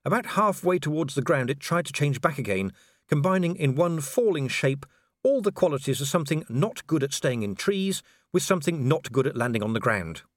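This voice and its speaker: A man's voice: on the high side, sing-song, brisk, no room sound, clean studio sound. A man narrating an audiobook with dramatic storytelling and character voices. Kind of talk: scripted narration.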